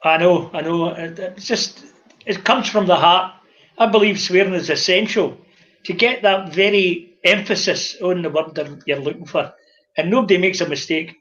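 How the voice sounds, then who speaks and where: An older Scottish man, a former publican, telling lively stories in casual chat and acting out the dialogue. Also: high voice, moderate pace, highs cut off. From Scotland. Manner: animated anecdotal storyteller, acts out dialogue.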